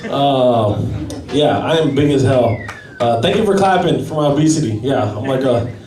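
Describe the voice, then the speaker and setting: At an open mic in a small gallery venue, a stand-up comedian with a medium-pitched voice and moderate pace performs a self-deprecating set and chats with the audience. The sound is echoey, captured from a distance.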